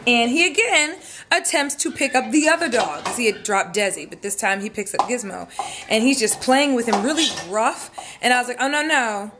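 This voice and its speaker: A woman's voice: fairly high pitch, normal speed, background noise. Chatty woman vlogging at home. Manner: animated, profane, rambling storytelling. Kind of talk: casual storytime vlog. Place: home room.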